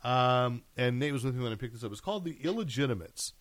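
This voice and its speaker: A man's voice: medium pitch, fast, no room sound. A man hosting a podcast, chatting casually and rambling through comic news with lots of fillers. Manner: rambling, animated retelling with filler words. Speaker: podcast host. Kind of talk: casual chat.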